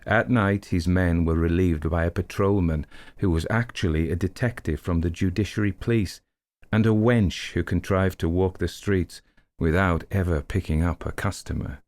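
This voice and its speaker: A man reading an audiobook detective story in measured, unhurried narration. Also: low voice, a little mellow, no echo.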